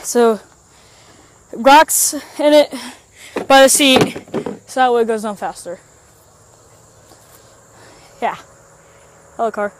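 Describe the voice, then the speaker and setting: A woman vlogs outdoors on a hill, her voice sitting a little high and her words coming slowly and loosely. She rambles, then breaks into excited yells, all caught on a handheld phone with a faint hiss underneath. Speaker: vlogger. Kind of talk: casual outdoor vlog.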